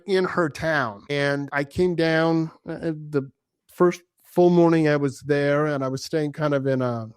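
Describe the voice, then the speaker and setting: A man's voice: fairly high pitch, smooth, dry recording, clean studio sound. A man as a podcast guest, telling travel stories with enthusiasm and acting out the dialogue. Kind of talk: casual storytelling in an interview.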